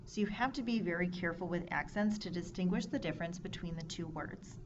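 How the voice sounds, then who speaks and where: Woman teaching Spanish, lo-fi noisy recording. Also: on the low side. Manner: clear, measured explanation with drilled verb forms. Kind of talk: scripted lesson narration. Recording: dull lo-fi recording with audible noise.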